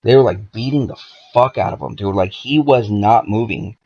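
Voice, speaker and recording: A man with a gravelly, fairly low voice tells a story as a podcast guest, cursing freely and rambling through lots of "like"s. The audio is dull and lo-fi, like a basic podcast setup. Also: moderate pace. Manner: profane, laid-back, rambling with many "like"s. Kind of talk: casual storytelling chat.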